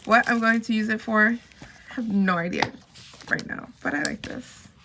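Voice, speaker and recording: A woman vlogging an unboxing in casual chat, gushing and excitable, full of "oh my God" and "like". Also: fairly high pitch, normal speed, noisy background.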